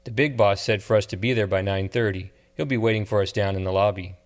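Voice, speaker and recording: A man's voice: lowish voice, steady tone, fast, close to an everyday voice. A man doing a cocky, chirpy office supervisor. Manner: chirpy, defensive.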